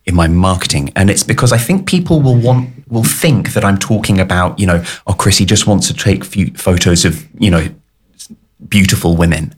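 A man's voice: sits low, expressive, normal speed, slightly rough. A man chatting casually about his photography work, enthusiastic, with stammering restarts. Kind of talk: casual chat.

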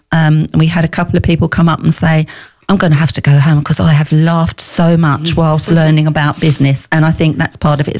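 A middle-aged woman hosting a business talk show, chatty with lots of fillers. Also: low-pitched. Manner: chatty, warm laughs, many fillers. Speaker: podcast host. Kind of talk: casual chat.

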